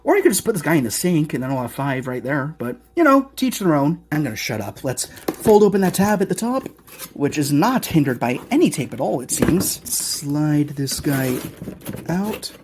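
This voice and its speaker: A collectibles reviewer unboxing at home in a casual, excitable, gushing way, full of rambling asides. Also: medium pitch, normal speed, noisy background. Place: home apartment.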